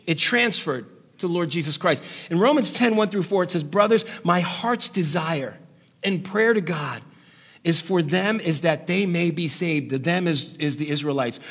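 A man delivers an impassioned sermon in a high, breathy voice. He sinks to low, quiet stretches and then climbs to loud, raised pleas. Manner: impassioned, swings between hushed low lines and loud raised ones. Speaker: preacher.

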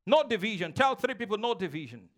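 A man's voice: sits high, very animated, fast, fairly bright tone. A male pastor preaching a sermon to a congregation, calling for responses and acting out childish quarrels. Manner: preaching with call-and-response, mimicking childish voices. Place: church.

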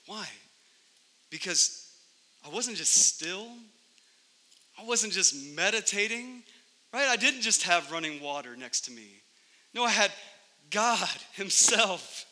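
A man preaching a sermon as pastor, emphatic, swinging between loud peaks and hushed drops. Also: high-pitched. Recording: long hall reverb.

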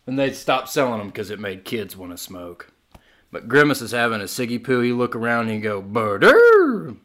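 A man's voice: mid-range voice, fairly quick, fairly bright tone. A man co-hosting a comedy podcast, improvising a crude, absurd story in slangy, laughing casual talk. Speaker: podcast co-host.

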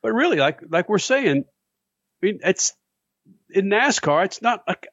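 A man's voice: sits high, big pitch swings, measured pace, fairly bright tone, no echo, muffled recording. Chatty male sports radio host. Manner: chatty, rambling with restarts. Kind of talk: casual sports radio talk.

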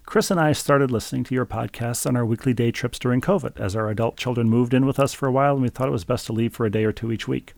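A man's voice: medium pitch, fast, creaky, hardly any pauses, a little mellow, no room sound. A man co-hosting a podcast, reading listener mail aloud in a casual, joking way, often stumbling over repeated words. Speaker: podcast co-host.

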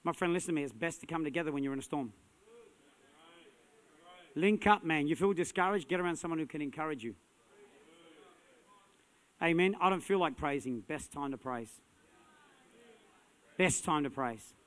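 A man preaching a sermon as a pastor, energetic and punchy, building to loud emphatic peaks. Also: fairly high pitch, a little fast, long pauses. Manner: energetic, punchy, rising to shouts.

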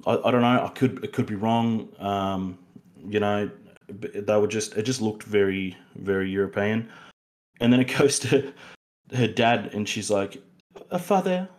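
A man's voice: on the low side, fairly even intonation, unhurried. A young Australian man co-hosting a casual film review podcast, rambling with many fillers and restarts. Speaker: podcast co-host.

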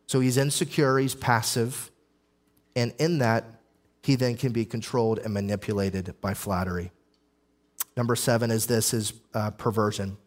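A young adult man delivers a sermon as a pastor, in a middle-pitched voice. He preaches emphatically, stacking up lists and repeating phrases for weight. His pace pushes ahead and then slows to land a point.

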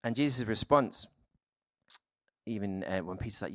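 With an expressive, lowish voice, a male preacher works through his sermon in a relaxed, conversational way and often pauses on fillers. The recording is dry and close-miked, with nearly no room sound.

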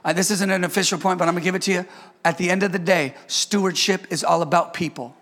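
A man preaching a sermon with call-and-response, swinging from shouted climaxes to quiet, joking asides with the congregation. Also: high voice, steady tone, fast talker.

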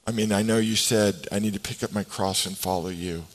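In a rough recording, a male pastor with a fairly low, steady voice delivers a sermon. He alternates hushed, slow passages with quicker, emphatic ones and voices the characters from scripture.

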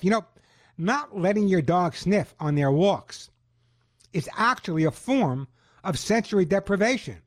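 A middle-aged man with a Long Island New York accent, hosting a call-in radio show in an upbeat, lively way. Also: sits high, normal speed. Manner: upbeat, lively promotional delivery.

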